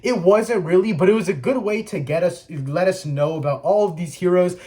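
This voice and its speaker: A man's voice: sits high, moderate pace, dark tone. A man giving a casual spoiler review, chatty and full of "like" and restarts. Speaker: movie reviewer.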